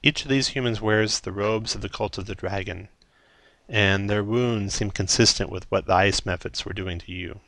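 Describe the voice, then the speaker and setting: Gravelly-voiced man running a tabletop game. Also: lowish voice, normal speed, no room sound. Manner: relaxed, hesitant with frequent ums. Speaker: game master.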